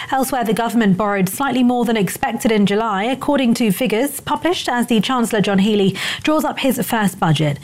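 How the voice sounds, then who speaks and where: A woman reads the headlines in a measured, formal newsreader delivery. Her voice sits at a middle pitch for a woman. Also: a little mellow. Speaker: news reader. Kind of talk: scripted news bulletin.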